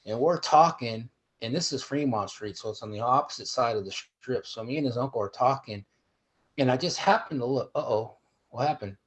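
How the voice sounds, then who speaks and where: A man's voice: medium pitch, a little fast. Middle-aged man, rambling storyteller. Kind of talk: casual chat.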